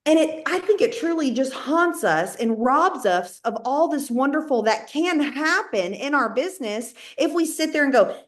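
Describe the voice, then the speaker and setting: A woman with a Southern accent, around her thirties, giving an animated motivational talk to her sales team and acting out her own inner voice as she talks. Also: sits high, normal speed, hardly any pauses. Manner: animated, talks to herself and the listener, plays out inner dialogue. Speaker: network marketing team leader.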